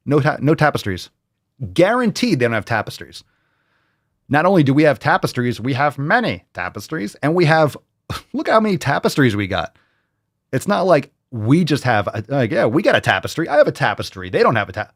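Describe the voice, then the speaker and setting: A man's voice: medium pitch, big pitch swings, fairly quick, dry recording, studio quality. A man hosting a fitness podcast, talking bluntly with plenty of swearing and a mock-salesy streak. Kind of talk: casual podcast monologue.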